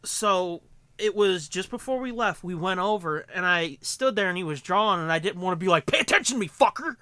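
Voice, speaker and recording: A man co-hosting a podcast, telling a story in casual chat, animated and profane, acting out quotes. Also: sits high, moderate pace, clear, resonant tone, no echo. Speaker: podcast co-host.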